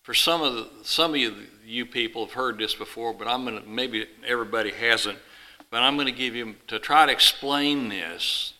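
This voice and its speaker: A man's voice: lowish voice, sharp tone, rough recording. A man preaching a sermon to a congregation, telling a folksy illustrative story in a rambling way with restarts.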